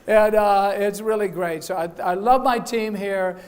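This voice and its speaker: A man's voice: high voice, measured pace. Jokey middle-aged man giving graduation speech. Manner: chatty, jokey, laughs at his own jokes. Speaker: beauty school founder giving graduation speech. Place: event hall.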